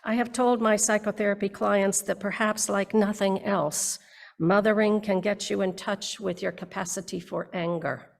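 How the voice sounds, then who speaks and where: An older woman minister giving a reflective sermon in a slow, measured way, with dramatic readings. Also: mid-range voice, fairly even intonation, vocal fry. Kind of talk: reflective sermon with read poetry.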